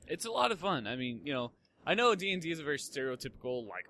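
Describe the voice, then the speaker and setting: A man's voice: mid-range voice, lively intonation, fast, pushed and bright, slight background noise. A young man hosting a podcast in casual chat, rambling with lots of fillers and restarts and swearing freely. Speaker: podcast host.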